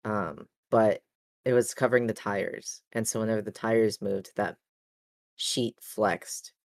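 A woman's voice: extremely low pitch, unhurried, a little mellow. A woman co-hosting a podcast in casual chat, rambling and searching for her words as she explains. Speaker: podcast co-host.

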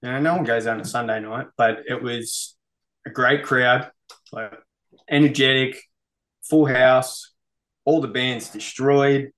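In a casual interview, an Australian metal musician talks unhurriedly with frequent pauses. His mid-range voice is steady and fairly bright, and he's laid-back, sweary and full of "mate."

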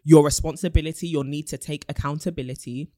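A woman's voice: deep voice, fairly even intonation, fast, mellow, no echo, studio quality. A woman co-hosting a podcast, talking earnestly and with emphasis in a casual chat, with playful asides. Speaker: podcast co-host.

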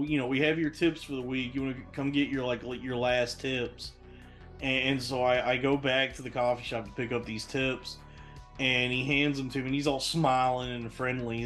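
A man's voice: medium pitch, a bit bright. Rambling, profane man telling a story. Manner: rambling, profane, frequent restarts and fillers. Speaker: podcast host. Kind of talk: casual storytelling monologue.

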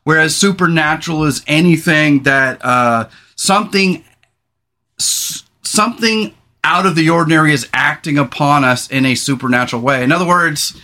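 A man's voice: a little high, normal speed, sharp tone. A man hosting a casual podcast from a small rural trailer, talking in an enthusiastic, rambling way. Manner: enthusiastic, rambling, emphatic announcer-like intro. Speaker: podcast host.

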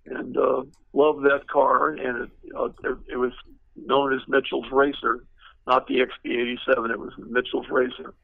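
A man's voice: mid-range voice, flat delivery, normal speed, vocal fry, no room sound. An older man, a retired car designer, telling stories in a rambling way with many fillers and restarts. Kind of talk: anecdotal storytelling. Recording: tinny phone-like line, dry.

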